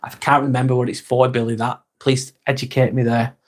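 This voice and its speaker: A man's voice: medium pitch, little pitch movement, fairly quick. A man in his forties hosting a casual livestream, chatting loosely, swearing now and then and reading viewer comments aloud. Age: 40s. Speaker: livestream host.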